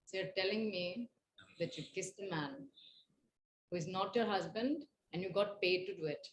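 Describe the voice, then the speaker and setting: A woman's voice: mid-range voice, moderate pace, lightly acted, rough recording. A woman quoting her blunt older aunt, who fires disapproving questions at her.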